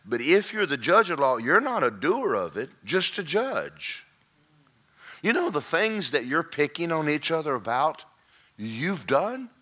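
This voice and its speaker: A male pastor preaching a sermon, swinging from folksy joking asides to shouted, singsong climaxes. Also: fairly high pitch, big pitch swings, measured pace.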